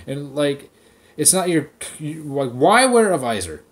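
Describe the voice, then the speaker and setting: A man's voice: fairly high pitch, sing-song, a little slow. A man hosting a podcast, ranting casually with heavy swearing and mocking impressions of people. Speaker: podcast host. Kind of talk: casual profane rant.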